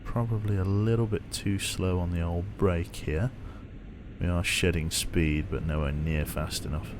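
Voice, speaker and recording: A man's voice: deep voice, steady tone, measured pace, background noise. An English man streaming a train simulator game, joking dryly and reading viewer chat aloud. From England. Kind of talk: casual live-stream chat.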